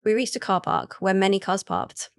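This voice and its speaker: A woman reads a first-person romance story aloud as an audiobook. Her voice sits at a middle pitch, and her delivery is even and unhurried. The recording is dry and close, with almost no room sound. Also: creaky, clean tone, no room sound. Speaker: narrator.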